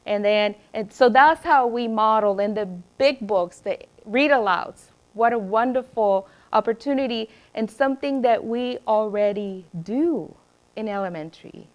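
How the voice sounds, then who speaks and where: Animated storytelling middle-aged woman educator. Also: a little high, a little slow, muffled recording. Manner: lively storyteller who acts out quoted voices. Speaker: educator presenting at a teacher training. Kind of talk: presentation to teachers.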